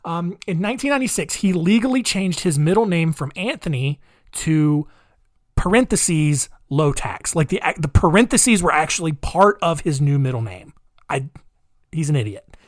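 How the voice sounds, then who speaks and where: A man's voice: on the high side, expressive, moderate pace, dry recording, clean studio sound. A man hosting a podcast, telling history stories in a chatty, rambling way with sarcastic asides. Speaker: podcast host. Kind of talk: casual comedic monologue.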